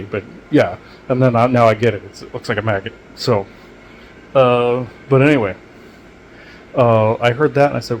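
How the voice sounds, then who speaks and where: A man's voice: mid-range voice, steady tone, normal speed, slight background noise. Rambling man with lots of ums. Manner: meandering, many fillers and restarts; matter-of-fact about odd experiences. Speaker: channel host. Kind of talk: rambling casual monologue.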